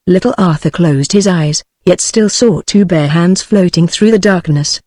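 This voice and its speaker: A woman's voice: fairly low pitch, measured pace, few pauses, no echo. A synthetic female voice with a British accent, narrating an audiobook in text-to-speech style. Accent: British English. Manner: even machine-read delivery.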